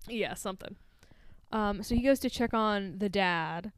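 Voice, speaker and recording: A woman's voice: mid-range voice, measured pace, clear, resonant tone, no room sound. A young woman co-hosting a podcast, recapping a film in a laid-back, joking way with lots of fillers, on a close mic. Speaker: podcast co-host. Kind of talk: casual chat recapping a film.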